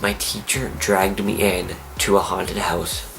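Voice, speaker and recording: Excitable teen guy telling a story. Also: sits low, slow, gravelly, soft background music. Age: teens. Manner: excitable, animated, acts out his own screams and whispers. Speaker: vlogger. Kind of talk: storytelling to camera.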